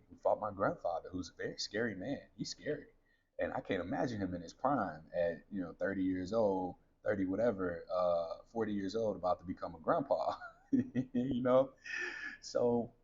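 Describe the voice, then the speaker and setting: A man's voice: deep voice, husky, muffled recording. A man in his thirties, a podcast host, candidly telling a personal story to his listeners in a conversational way. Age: 30s.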